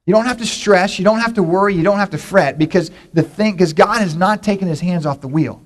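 A middle-aged man delivers a sermon to his congregation with a slightly raised pitch. His delivery is folksy and conversational, built around everyday stories and props. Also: fairly quick. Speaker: pastor.

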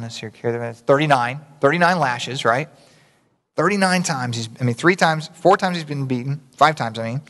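A man's voice: medium pitch, fast talker, fairly bright tone. A man preaching a sermon in a conversational, folksy way, with asides to the congregation. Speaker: pastor. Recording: reverberant hall.

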